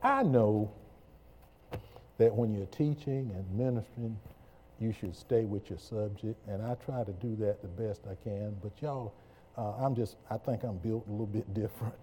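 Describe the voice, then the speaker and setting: A man's voice: lowish voice, normal speed, dark tone, slight background noise. A man preaching a sermon, leading the congregation in call-and-response.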